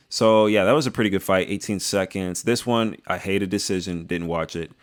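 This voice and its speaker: Slangy joking young man, lower voice. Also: fairly quick, hardly any pauses. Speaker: video creator reviewing fights. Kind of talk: casual reaction commentary.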